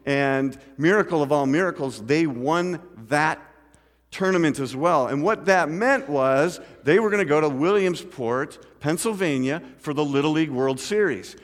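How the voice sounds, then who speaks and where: Middle-aged male pastor, raised pitch, storytelling sermon, long church reverb. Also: normal speed. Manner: storytelling, addresses the congregation with questions. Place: church sanctuary.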